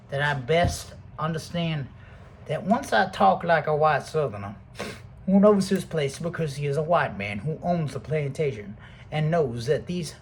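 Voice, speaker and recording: Guy ranting to camera, swearing a lot, voice a bit high and bouncing all over, goes loud then mutters. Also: slight background noise. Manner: profane and rambling, swinging between loud outbursts and soft mutters. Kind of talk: rambling casual monologue.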